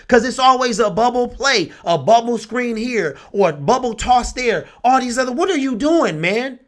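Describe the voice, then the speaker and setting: A young man with a high voice delivers an exasperated sports rant. He talks with passion and repeats himself often, sounding thoroughly fed up. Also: lively intonation, normal speed, hardly any pauses, fairly bright tone. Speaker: sports vlogger. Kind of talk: ranting sports commentary.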